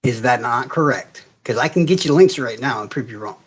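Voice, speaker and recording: A man's voice: mid-range voice, brisk, slightly rough. A man hosting a casual livestream, ranting in heavy profanity and answering viewers' comments directly. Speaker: livestream host.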